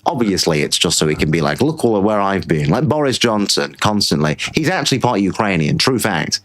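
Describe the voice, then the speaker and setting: A man's voice: sits low, sing-song, brisk, fairly bright tone. A British man hosting a political show, ranting in casual commentary and repeating himself. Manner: ranting, repetitive, mocking put-on voices. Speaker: show host.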